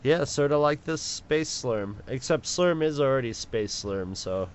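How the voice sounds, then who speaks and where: A man co-hosts a casual podcast from home and tells stories in a relaxed, chuckling way. His voice is smooth and resonant at a middle pitch. The remote audio comes through slightly dull. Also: unhurried. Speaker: podcast co-host.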